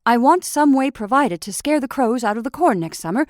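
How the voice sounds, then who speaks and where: A woman's voice: a little high, lively intonation, brisk, no echo, clean studio sound, voice pushed up, natural voice. A woman voicing Jimmy Scarecrow, a timid and anxious scarecrow, in a storybook reading. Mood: pleading. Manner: pleading, anxious, raised voice.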